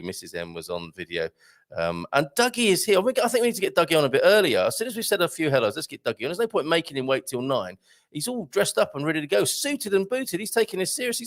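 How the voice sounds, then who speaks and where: A man hosting a casual livestream, rambling in a jokey way and reading out viewer comments. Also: mid-range voice. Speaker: livestream host. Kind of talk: casual live-stream chat.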